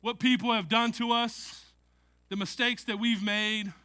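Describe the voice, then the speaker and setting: Bright, high-voiced male preacher. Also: little pitch movement, a little slow. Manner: conversational preaching with jokes and frequent "right?" asides. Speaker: pastor. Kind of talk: sermon.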